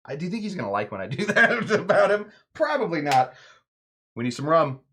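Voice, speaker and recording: A man's voice: fairly high pitch, very animated, fairly quick, a bit bright. A man hosting a home cocktail show, chatting casually and joking around while he mixes a drink. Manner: playful, jokey, rambling asides.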